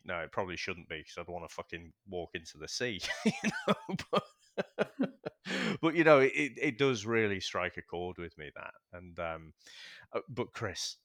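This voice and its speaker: A man's voice: fairly low pitch, a bit bright, no echo, clean studio sound. A man co-hosting a film podcast, chatting candidly, swearing freely and laughing easily. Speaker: podcast co-host. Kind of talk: casual film chat.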